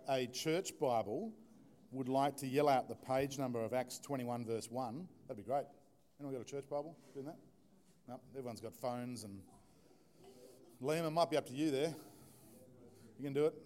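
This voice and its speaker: A male pastor gives a conversational sermon in a mid-range, slightly mellow voice. He stays easygoing and informal, joking with the congregation against a church backdrop.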